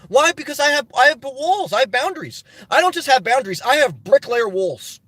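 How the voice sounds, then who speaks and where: A man with a notably high voice talks to his livestream audience in a motivational, preachy style. He hammers his points home by repeating them and addressing listeners directly. The sound is close and dry. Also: very animated, brisk, few pauses, fairly bright tone, no room sound. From New Jersey. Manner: preachy, emphatic, repetitive exhortation. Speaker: livestream host.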